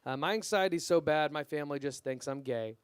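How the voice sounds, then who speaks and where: A young man performing a stand-up comedy set at an open mic, deadpan and self-deprecating, his punchlines trailing off quietly. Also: fairly high pitch, a little fast, clear, resonant tone, dry recording. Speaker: stand-up comic.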